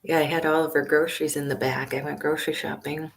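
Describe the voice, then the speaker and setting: A woman in her fifties with a low voice talks to viewers in a hushed, half-whispered way, full of fillers and small pauses. She is in a small library study room, picked up by a laptop's built-in microphone. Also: level tone, gravelly, a little hiss or hum. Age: 50s. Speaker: van-life vlogger hosting a live stream. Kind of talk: casual live-stream chat with viewers. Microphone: laptop webcam and built-in mic.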